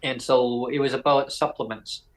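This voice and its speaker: A man's voice: medium pitch, fairly even intonation, moderate pace, crowd noise, rough recording. A man hosting a podcast, telling rambling stories and acting out quoted conversations. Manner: rambling, acts out quoted dialogue. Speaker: podcast host and disability advocate. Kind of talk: casual storytelling chat.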